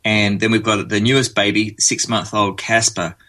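Bright-voiced Australian man. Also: on the low side, level tone, normal speed. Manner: chatty, storytelling, frequent fillers. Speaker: guest. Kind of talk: relaxed conversational interview.

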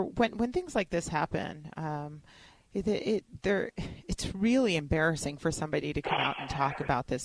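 A woman's voice: low-pitched, no room sound, rough recording. A woman co-hosting a talk show, asking questions hesitantly with many fillers.

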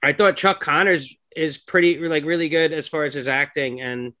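A man's voice: on the high side, fairly even intonation, moderate pace, sharp tone. A man co-hosting a podcast in casual chat, hesitant and searching for words. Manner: hesitant, many fillers and restarts. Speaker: podcast co-host.

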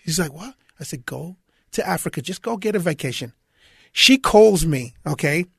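A man's voice: fairly high pitch, normal speed, creaky, slightly rough, no room sound, studio quality. A man chatting as a guest, telling stories with animation and frequent restarts. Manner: animated storyteller with laughter. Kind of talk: casual chat.

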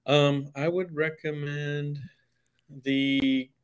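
A man's voice: a little high, little pitch movement, drawn-out words, clean tone. A man interviewed as a guest baker, explaining his craft earnestly with many hesitations and restarts. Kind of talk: studio interview. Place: radio studio.

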